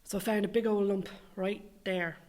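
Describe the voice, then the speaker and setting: A woman's voice: medium pitch, fairly even intonation, normal speed, darkish tone. A young Irish woman delivering a scripted comic monologue, sweary, sardonic and rambling. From Ireland. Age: young adult. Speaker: comedic monologue performer.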